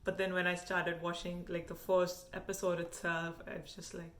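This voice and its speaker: A young woman with a light Indian English accent talks in a slightly low voice, candid and animated. She reviews a show in casual vlog style, leaning on "like" as she thinks aloud. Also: moderate pace. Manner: animated and frank, with frequent "like" fillers.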